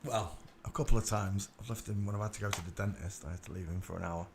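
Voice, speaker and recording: A low-voiced man hosts a casual, rambling livestream from home, talking quickly in a steady tone, bluntly and crudely. He keeps breaking off to fuss over his dog; his desk mic picks up a roomy sound and background noise.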